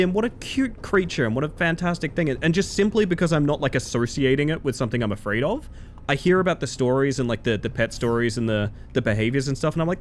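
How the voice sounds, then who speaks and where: A man streaming a game from home and chatting casually in a rambling, animated way. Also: mid-range voice, fast, slight background noise. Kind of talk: casual chat while gaming.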